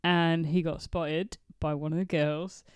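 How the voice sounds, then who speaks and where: A woman's voice: deep voice, flat delivery, unhurried, darkish tone, clean tone, no room sound. A woman from England co-hosting a casual podcast, sharing fun facts with a giggly, enthusiastic manner. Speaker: podcast co-host. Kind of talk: casual chat.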